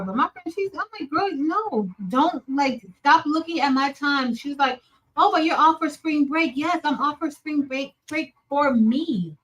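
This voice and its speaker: A woman's voice: fairly high pitch, fairly bright tone, rough recording. A woman hosting a casual live stream, chatting and greeting viewers by name while she works. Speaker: livestream host.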